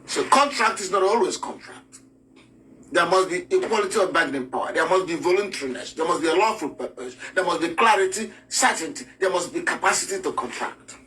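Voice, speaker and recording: Emphatic male lecturer with a high, bright voice who acts out his examples, recorded on a distant mic. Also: lively intonation, a little fast, a little hiss or hum. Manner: emphatic, rhetorical questions, acts out scenes. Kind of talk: lively spoken lesson.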